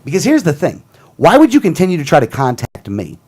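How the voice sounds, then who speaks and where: A man hosting a talk show vents in a heated, combative rant, circling back to his points again and again. His voice sits somewhat high for a man and swings widely up and down as he argues. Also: wildly swooping pitch, brisk, a little mellow, breathy edge. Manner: heated, combative, repeats himself. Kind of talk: casual political rant.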